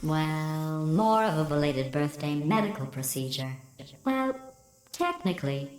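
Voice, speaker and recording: An actress voicing a sarcastic, cruel female AI computer in a video game, speaking in a deadpan, mocking, coldly polite way through a synthetic robotic filter. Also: low voice, a little slow, faint music behind. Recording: echoey game audio with ambient hum.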